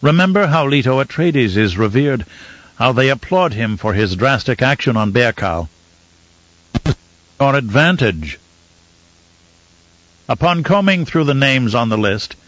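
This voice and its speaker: A man's voice: medium pitch, fairly bright tone, dry recording. Man narrating an audiobook, dry lo-fi sound. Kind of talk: scripted narration.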